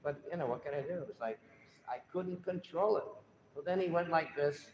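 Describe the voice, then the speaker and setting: An older man telling an emotional personal story to a temple audience, in a halting, heartfelt way. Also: fairly high pitch, gravelly, slight background noise. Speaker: guest speaker. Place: temple hall. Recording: echoey hall, dull lo-fi sound.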